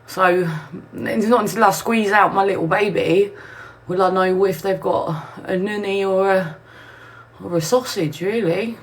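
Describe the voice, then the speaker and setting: Chatty woman live-streaming from home. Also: medium pitch. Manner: rambling, answering viewer comments aloud. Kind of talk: casual live-stream chat. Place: new home, indoors.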